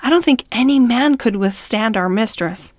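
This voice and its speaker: A woman narrating a classic novel in a measured, even storytelling manner. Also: on the high side, no room sound. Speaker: audiobook narrator.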